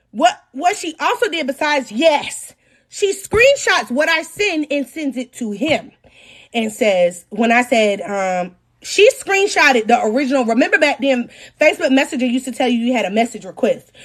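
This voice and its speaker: Animated high-voiced woman telling a story. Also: normal speed. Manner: animated, swings between low mutters and loud outbursts; talks to her audience directly. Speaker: storytelling podcast host. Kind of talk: casual storytime chat.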